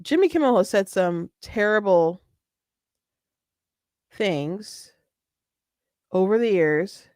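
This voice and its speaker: A woman talks straight to her audience as host of her own commentary show. She is chatty and animated, stopping and restarting her sentences often. Her voice sits in a middle range and sounds dry and close, with no room echo. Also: medium pitch, takes it slowly, pauses often. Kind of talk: casual political commentary.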